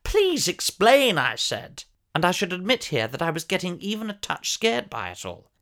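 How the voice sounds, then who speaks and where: A man's voice: high voice, wildly swooping pitch, normal speed, a bit bright, exaggerated voice. A man playing a pompous, posh older former soap actor who tells a comic monologue in a plummy, theatrical voice with sudden shrieks.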